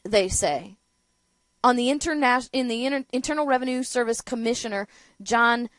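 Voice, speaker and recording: A woman's voice: a little high, moderate pace, a bit bright, no room sound. A woman hosting a political talk show, giving opinionated commentary with sarcasm, rhetorical questions and emphatic outbursts. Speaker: radio talk show host.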